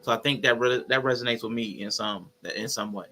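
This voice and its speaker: Earnest bright-voiced man. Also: medium pitch, fairly even intonation, brisk, slight background noise. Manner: earnest, reflective, explains his feelings. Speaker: guest streamer. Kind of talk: casual live-stream chat.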